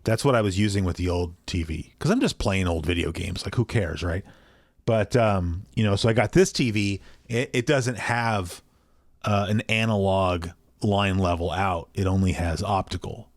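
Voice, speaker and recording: A man's voice: low voice, normal speed, dry recording, studio quality. A man co-hosting a podcast from his small home basement, chatting casually in a rambling, self-deprecating way, apparently over a video call. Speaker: podcast co-host. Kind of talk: casual chat.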